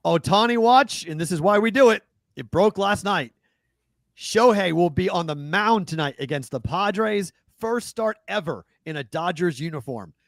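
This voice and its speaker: Man, Boston accent, sports betting co-host, animated casual talk, dry close sound. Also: sits high, normal speed, gravelly, no room sound. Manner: animated, thinks aloud and corrects himself.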